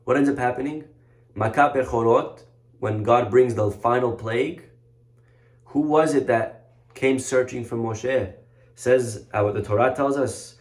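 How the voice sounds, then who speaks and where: A rabbi giving a lively sermon, telling a story with mocking humor and dramatic emphasis. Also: male voice, medium pitch, measured pace. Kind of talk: animated sermon.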